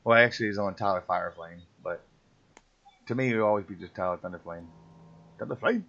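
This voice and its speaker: Gaming with friends on a stream, a man chats casually over the gameplay, teasing them in slang and slipping into silly voices. His voice is low, fairly quick and a bit bright, on muffled lo-fi audio with faint music.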